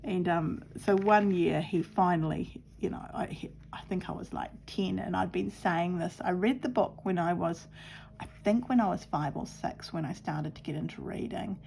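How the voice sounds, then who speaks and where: A middle-aged woman, chatting and rambling through a childhood story as she sews, with lots of fillers and soft asides. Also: lowish voice, moderate pace, creaky. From New Zealand. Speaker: craft vlogger. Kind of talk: casual storytelling while sewing.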